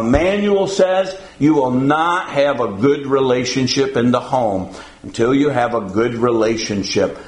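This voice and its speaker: A man preaching a sermon to his congregation in a folksy, halting way, often pausing on "uh" and chuckling. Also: medium pitch, roomy sound, low-quality recording. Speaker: pastor.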